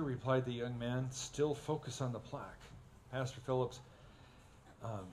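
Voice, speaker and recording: A man preaching a sermon, telling stories in a folksy way and getting animated when he acts them out. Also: mid-range voice, unhurried, slight background noise. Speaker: pastor. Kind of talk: sermon with humorous storytelling. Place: church sanctuary.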